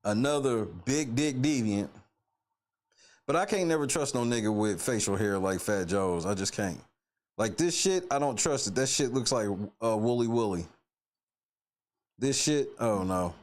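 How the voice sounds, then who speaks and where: A man's voice: mid-range voice, animated, unhurried. Profane laughing male show host. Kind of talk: live commentary show.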